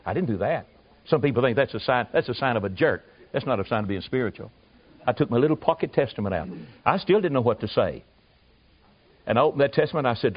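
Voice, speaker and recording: A man preaching, telling a folksy, animated story with asides to his listeners. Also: mid-range voice, fast, breathy edge. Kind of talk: storytelling sermon. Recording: muffled lo-fi recording.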